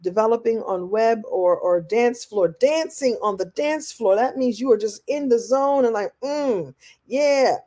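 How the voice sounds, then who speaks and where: A woman teaches a live online masterclass, speaking as a motivational coach. Her voice is warm and mellow, and she keeps the talk animated, acting out the things people say and reading out comments from viewers as she goes. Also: a little high, normal speed, hardly any pauses. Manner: animated, acts out quoted voices; reads and answers viewer comments.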